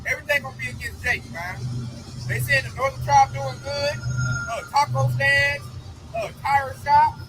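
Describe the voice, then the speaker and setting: A man's voice: very high voice, steady tone, normal speed, over loud music, low-quality recording. A man preaching outdoors by a road, telling stories animatedly with profanity in casual chat. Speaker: street preacher.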